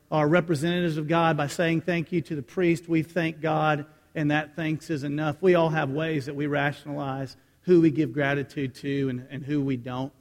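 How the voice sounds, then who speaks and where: A man preaching a sermon as pastor, telling a personal story and moving between loud lines and hushed ones. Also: a little high, long reverb tail.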